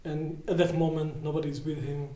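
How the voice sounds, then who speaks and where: A man with a fairly high voice leads a seminar, telling stories from his own life. He acts out the dialogue, dropping low and then rising loud. The recording carries a roomy echo. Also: normal speed. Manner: animated, acts out dialogue with big swings in loudness. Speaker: workshop leader. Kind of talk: storytelling seminar talk. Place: seminar room at a retreat house.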